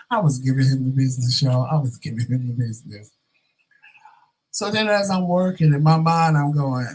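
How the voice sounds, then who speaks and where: Man, vlogger, husky voice, mid-pitched, sassy, animated storytelling. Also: normal speed, soft background music, poor audio. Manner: animated, sassy, dramatic asides to viewers. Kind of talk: casual storytelling rant.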